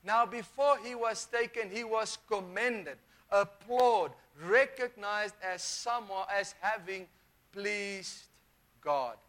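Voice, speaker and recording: Guy with a high voice preaching, keeps repeating himself, restarts a lot. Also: slow pace, a bit bright. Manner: emphatic, repeats phrases, stumbles and restarts. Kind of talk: sermon.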